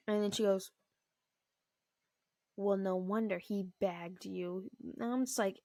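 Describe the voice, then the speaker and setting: A young woman vlogger tells a story in a blunt, profane rant with a gravelly, fry-laced voice. The sound is dry and close, with no room around it. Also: medium pitch, no echo. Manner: blunt, profane, animated retelling.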